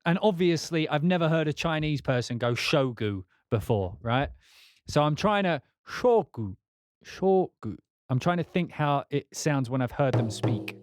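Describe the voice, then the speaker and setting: A man hosting a casual live-stream, chatting and rambling while demoing music software. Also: mid-range voice, normal speed, few pauses, no room sound, clean studio sound. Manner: chatty, rambling, laughs often. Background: music playing.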